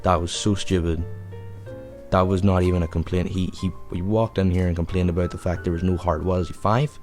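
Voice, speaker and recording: Over soft background music, a young man hosting a podcast casually spins a profane, meandering anecdote. He speaks briskly in a low-pitched, level, slightly mellow voice.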